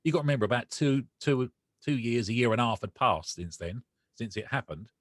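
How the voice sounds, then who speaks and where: Brief Romford man, lively storyteller who voices the others, dry close sound. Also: mid-range voice, brisk, no echo. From Romford, England. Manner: animated, acts out dialogue. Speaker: guest. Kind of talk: personal storytelling.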